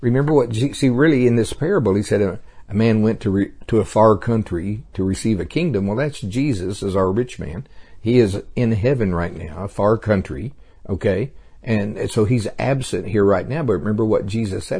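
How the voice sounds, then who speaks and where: Man, middle-aged, preacher, folksy sermon, husky, low-pitched. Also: animated, moderate pace, warm tone. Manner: folksy, laughing, acts out scenes.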